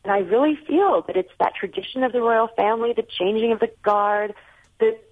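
A woman's voice: on the high side, fairly quick. American woman, forties, guest author, chatty, tinny phone sound. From United States. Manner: chatty, frequent restarts. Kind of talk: radio call-in conversation.

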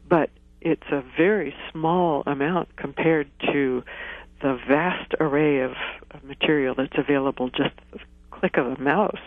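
A woman's voice: deep voice, no echo. A woman guest on a radio call-in show, explaining word origins in a patient, scholarly way. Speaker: guest dictionary editor. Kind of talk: radio interview. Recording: tinny phone-line sound.

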